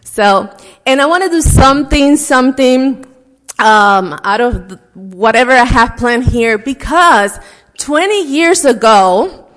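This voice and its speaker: A woman's voice: on the high side, lively intonation, slow pace, a bit bright. Female church host in middle age, talkative and personal, in an echoing church hall. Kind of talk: casual welcome speech. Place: church sanctuary. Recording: long reverb of a large church hall.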